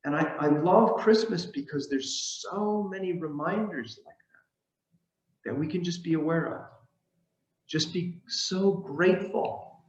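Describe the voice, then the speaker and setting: Man giving a conversational sermon, echoey. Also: on the high side. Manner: storytelling, halting with restarts. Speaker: minister. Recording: echoey, dull room sound.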